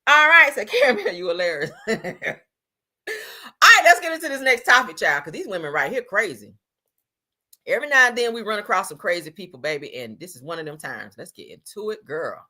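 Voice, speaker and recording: A woman's voice: medium pitch, big pitch swings, a little fast, pushed and bright. A woman hosting a gossip livestream, commenting casually in a sassy, mocking, profane way.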